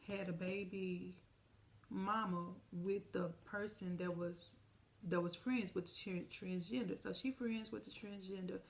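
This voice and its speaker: On her casual storytime vlog, a woman with a creaky, mid-range voice chats directly with viewers while recounting something that happened to her. Her retelling is vivid, with quoted dialogue performed in the voices of the people in it.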